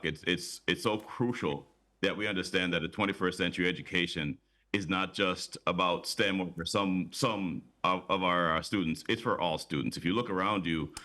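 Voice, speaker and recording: A man's voice: low-pitched, pushed and bright. A man speaking as a guest on a morning TV show, eager and promotional, often repeating words as he builds his point. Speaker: conference organizer, guest. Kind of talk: studio interview.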